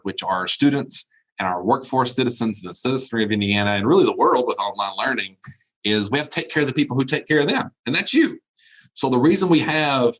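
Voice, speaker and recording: Animated male keynote speaker over a video call. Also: on the low side, husky, rough recording. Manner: animated storyteller, chuckles at own jokes; earnest and encouraging. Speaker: college dean giving a keynote. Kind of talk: motivational keynote with anecdotes. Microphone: video call mic.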